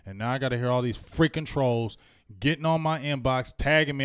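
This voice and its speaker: Frustrated man venting, smooth voice. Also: mid-range voice, quick pace, a bit bright, dry recording, clean studio sound. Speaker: co-host. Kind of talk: postgame fan chat.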